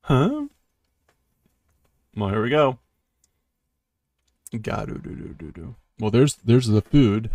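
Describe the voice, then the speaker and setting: A man's voice: fairly low pitch, moderate pace, hardly any pauses, mellow, no room sound. A man casually reading a comic aloud, translating as he goes and mimicking its sound effects with playful noises. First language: English. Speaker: streamer reading manga aloud. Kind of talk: casual read-through with translation.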